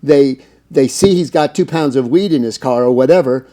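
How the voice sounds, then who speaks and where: A middle-aged American man, a cannabis business owner, tells stories as a guest in a casual interview, his voice dark, mellow and medium-pitched at a normal speed. He rambles easily through anecdotes, piling up fillers and restarts, and slips into other people's lines when quoting them.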